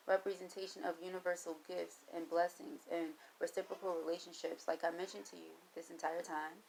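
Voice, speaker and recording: A woman's voice: fairly low pitch, gravelly, a little hiss or hum, rough recording. A woman reading tarot cards for her viewers, who encourages them, talks to Spirit aloud and repeats her phrases like mantras. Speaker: tarot reader.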